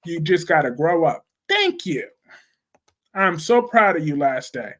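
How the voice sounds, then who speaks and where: Young male host, high-pitched, blunt and animated, casual livestream banter. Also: moderate pace. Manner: blunt, animated, slangy, talks back to chat. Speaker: soap opera commentary livestream host. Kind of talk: casual live chat reading viewer comments.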